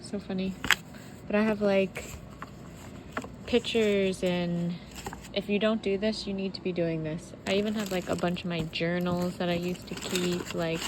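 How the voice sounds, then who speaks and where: Sorting through her things at home, a woman talks to her vlog audience in a casual, rambling, heartfelt manner full of fillers. She has a lowish voice with flat delivery and a slightly slow pace, with some background noise behind her.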